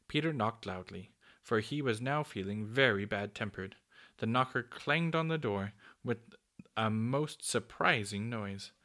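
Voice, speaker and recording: A man reading a children's story aloud, steady with small slips and restarts. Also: fairly low pitch, unhurried. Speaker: narrator.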